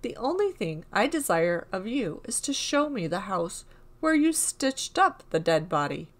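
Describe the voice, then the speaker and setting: Woman reading sly robber guy, sweet-talking, flattering, storybook. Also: mid-range voice, measured pace. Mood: coaxing. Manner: coaxing, flattering. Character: cunning male robber in disguise, smooth-talking.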